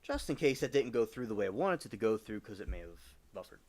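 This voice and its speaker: Man reading aloud haltingly on stream. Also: on the low side, big pitch swings, a little mellow. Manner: halting reading, stumbles over words. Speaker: livestream host.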